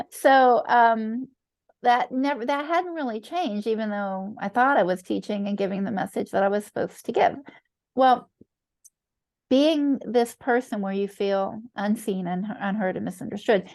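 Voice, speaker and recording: A woman's voice: a little high, unhurried, a little mellow, no echo, clean studio sound. A middle-aged woman teaching an online master class as a coach, talking earnestly and checking in with "right?" often. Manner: earnest, affirming, frequent "right?" check-ins.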